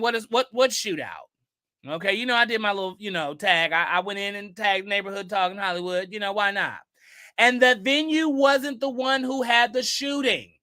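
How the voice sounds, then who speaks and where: Posts get read aloud in this casual gossip commentary, and the bright, high-pitched male host answers each with sassy rhetorical questions laid on with emphasis. He stays sharp and pointed throughout.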